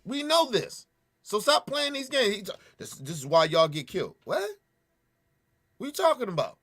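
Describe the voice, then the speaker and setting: Man, high-pitched, angry, profane, ranting host, sniffling. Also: very animated, normal speed, a bit bright. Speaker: show host reacting to news. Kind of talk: heated commentary.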